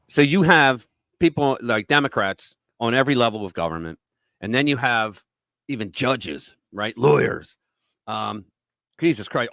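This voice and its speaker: A man's voice: mid-range voice, fairly bright tone, no room sound. Guy ranting on his political show, swearing a lot, voice jumping all over, dry close sound. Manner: profane, ranting, mocking impressions. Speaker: podcast host. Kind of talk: political commentary rant.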